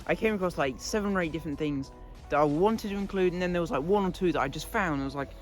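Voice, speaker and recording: A man's voice: on the high side, rapid-fire, soft background music. A man chatting casually to camera outdoors in a goat pen, laughing often and scolding his animals. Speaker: vlogger. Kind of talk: casual vlog talk.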